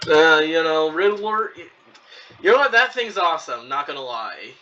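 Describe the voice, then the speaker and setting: A man's voice: a little high, animated, normal speed, bright, forceful tone. A young man giving casual reaction commentary on a video, hesitant and full of fillers and restarts. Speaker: channel host commenting on a video. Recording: lo-fi, distant from the mic.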